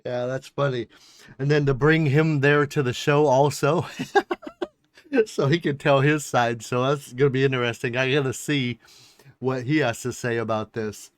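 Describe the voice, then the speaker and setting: A relaxed male reaction host with a mid-range voice, chuckling as he rambles through his thoughts. His voice sounds dry and close, with no room echo. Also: mid-range voice, measured pace. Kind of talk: casual reaction commentary.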